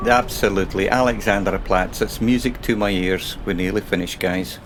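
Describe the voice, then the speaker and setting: A man's voice: low-pitched, fairly even intonation, normal speed, noisy background. A man casually commentating his own driving game stream, chatting and rambling to himself and his viewers.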